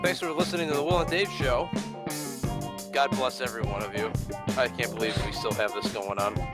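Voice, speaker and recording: A man's voice: medium pitch, fairly even intonation, brisk, over loud music. A man co-hosting a motorsport podcast, making dry, wry jokes in casual banter. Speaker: podcast co-host.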